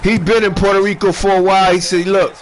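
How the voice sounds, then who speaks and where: An older man from Brooklyn with a New York accent, chatting casually and telling animated, slang-heavy stories while he plays a video game. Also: sits high, fast talker. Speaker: gamer streaming online play. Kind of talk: casual chat while gaming.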